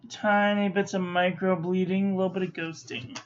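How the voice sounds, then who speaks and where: A woman's voice: on the low side, fairly even intonation, moderate pace, slight background noise. Woman rattling off clipped review verdicts. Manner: clipped checklist verdicts, chatty asides. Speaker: ink and paper reviewer. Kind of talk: casual hands-on review narration. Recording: slightly muffled lo-fi recording.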